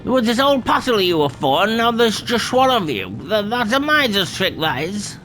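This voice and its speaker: A man voicing a rambling, tipsy old sailor who spins tales in rough sailor's slang and stumbles over his words. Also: high voice, very animated, moderate pace, bright, forceful tone, faint music behind, exaggerated voice, poor audio.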